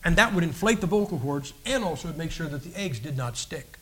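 A man's voice: a little high, expressive, brisk, a little hiss or hum. A man giving a personal testimony as a guest preacher, telling his story in an earnest, folksy way with frequent restarts.

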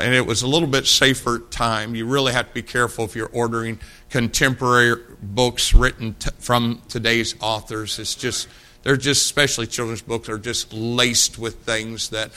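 A man's voice: medium pitch, sharp tone. A middle-aged man preaching a sermon, telling folksy stories and asking rhetorical questions.

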